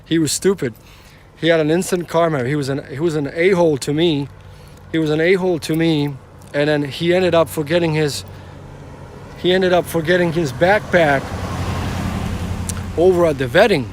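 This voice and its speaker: A man's voice: fairly high pitch, normal speed, pauses often, slight background noise. Rambling man telling a story on a live stream. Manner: rambling, restarts often, casual swearing.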